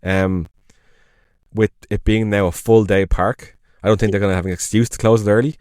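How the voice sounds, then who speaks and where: An Irish man talks on a podcast with a lowish voice. He rambles eagerly and leans on fillers. The sound is dry and close, with no room echo. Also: steady tone, moderate pace, a little mellow. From Ireland. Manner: enthusiastic, rambling with frequent fillers. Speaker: podcast co-host. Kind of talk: casual podcast chat.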